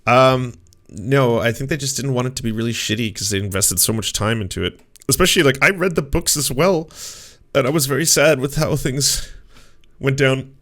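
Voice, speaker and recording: A man hosts a casual stream, reacting to text with mocking sarcasm and the odd curse. His voice has a gravelly fry and a bright, forceful edge, and his pitch sits in an ordinary middle range. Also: normal speed. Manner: sarcastic, swears, mocks what he reads. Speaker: streamer commentator. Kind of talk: casual stream commentary, reading text aloud.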